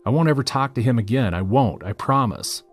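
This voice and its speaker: A man's voice: mid-range voice, lively intonation, fairly quick, soft background music, close to an everyday voice. A man voicing a tearful young woman who begs her boyfriend, in a pleading way.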